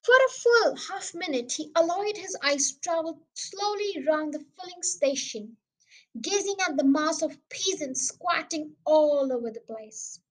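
A woman with a high voice reads a children's novel aloud, chapter by chapter. Her delivery is careful and plain, with lively emphasis on the story. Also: unhurried, poor audio. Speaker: audiobook reader. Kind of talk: storybook reading.

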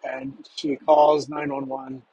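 A man telling a personal story from his past in a halting, measured way with long pauses. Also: fairly high pitch, level tone, vocal fry, dark tone, dull audio, slight background noise.

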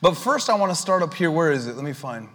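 High-voiced preacher, casual then forceful. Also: male voice, sing-song, quick pace, big-room sound. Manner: conversational, rising to forceful emphatic preaching. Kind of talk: sermon.

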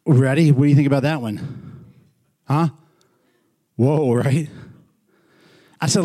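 A man's voice: mid-range voice, slow, long pauses, dark tone, breathy edge. A male pastor preaching a sermon in a small church, talking conversationally, prodding the congregation with questions and repeating words for emphasis.

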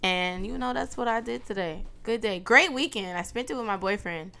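A woman co-hosting a podcast, chatting about her day in a lively way. She laughs readily. Her voice is bright and clear, at an ordinary pitch. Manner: lively, storytelling, quick to laugh. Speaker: podcast co-host. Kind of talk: casual chat.

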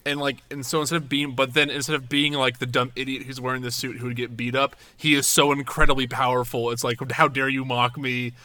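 A man co-hosting a podcast in casual chat, telling stories animatedly, acting out characters and swearing freely. He has a bright, forceful tone at a middle pitch, and the delivery is loose and conversational. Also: little pitch movement, quick pace, few pauses. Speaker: podcast co-host.

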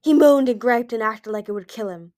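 A woman's voice: a little high, brisk, darkish tone, no echo, studio quality, natural voice. A woman reading the part of a scarred, furious young male dragon who snarls and growls his insults, in an amateur storybook reading. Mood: angry. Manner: angry, growling, snaps insults.

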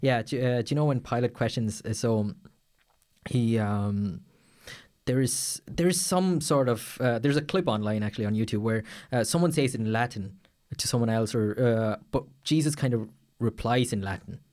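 A man's voice: mid-range voice, normal speed, darkish tone. A man co-hosting a casual faith podcast, rambling with many fillers and restarts. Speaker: podcast co-host.

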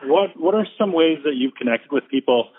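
A man hosting a casual interview, putting questions with soft affirmations and hesitant fillers. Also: a little high, expressive, fairly quick. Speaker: host. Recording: phone-like narrow band audio.

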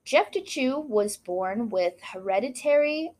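A woman's voice: on the high side, lively intonation, measured pace, a little mellow. A woman co-hosting a casual chat, reading out history notes with frequent asides and apologies for mispronounced names. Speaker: podcast co-host.

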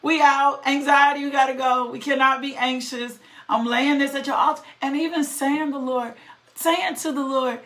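Animated woman preacher, rather high voice. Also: moderate pace. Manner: animated, calls to the audience with "right?" and "come on now". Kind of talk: sermon.

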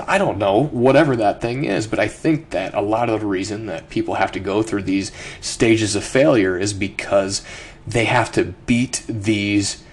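A man hosting a book club podcast, talking casually and throwing out animated, incredulous rhetorical questions. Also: lowish voice. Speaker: host.

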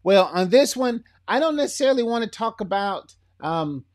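A middle-aged man with a slightly country Florida accent hosts a faith podcast, his voice sitting a little on the high side. He talks in a chatty, upbeat way, stumbling through fillers and restarts as he goes. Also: expressive, moderate pace. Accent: Florida, slightly country Southern. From Florida, USA. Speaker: podcast host. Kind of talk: casual faith podcast talk.

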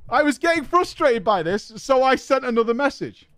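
A man with a high, bouncy voice reads a story aloud for laughs. He keeps breaking off into swearing, giggling commentary. His voice is dry and close, and faint music plays behind it. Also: normal speed, dry recording. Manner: animated, profane, laughing asides. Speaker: podcast host reading a story. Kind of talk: comedic story reading with commentary.

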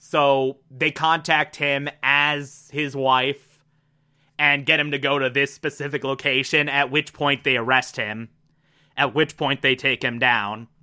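A man's voice: mid-range voice, flat delivery, a little slow, pushed and bright. A man casually recapping a TV episode, enthusiastic and rambling, laughing at himself. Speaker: TV episode reviewer. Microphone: desk mic.

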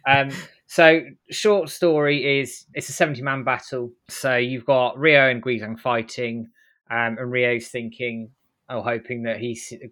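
A man co-hosting a podcast, briskly recapping an episode and tossing off the characters' quotes as he goes. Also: medium pitch, fairly bright tone. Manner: brisk storytelling, acts out quotes in passing. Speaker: podcast co-host. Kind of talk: casual recap narration.

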